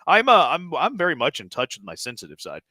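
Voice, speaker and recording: A man's voice: fairly high pitch, wildly swooping pitch, fast, sharp tone, no room sound. A man hosting a sports radio show, rambling and self-mocking in casual banter, his throat a little strained.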